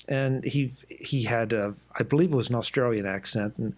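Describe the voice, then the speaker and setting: A man from the East Coast of the United States hosting a casual interview on a video call, relaxed and chatty as he tells a story. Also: mid-range voice, brisk, few pauses. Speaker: podcast host.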